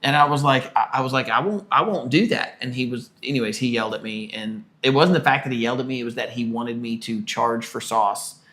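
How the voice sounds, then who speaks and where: A man in his early forties, a podcast co-host, telling a work story in a casual, animated way and acting out the people in it. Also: medium pitch, fairly quick, few pauses. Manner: animated storyteller, acts out quoted people loudly.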